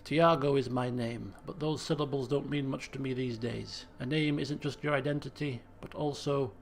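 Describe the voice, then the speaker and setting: A man voicing a burnt-out former addict turned mystic in a video game, speaking slowly in a hushed, solemn tone. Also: mid-range voice, steady tone, gravelly, soft background music, natural voice. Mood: solemn, dreamy.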